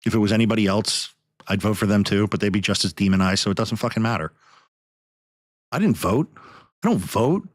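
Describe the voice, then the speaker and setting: A man's voice: on the low side, a little fast, long pauses, dry recording, studio quality. A podcast host man ranting in anger, swearing heavily as he talks. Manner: angry, profane, heavy swearing. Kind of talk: heated podcast rant.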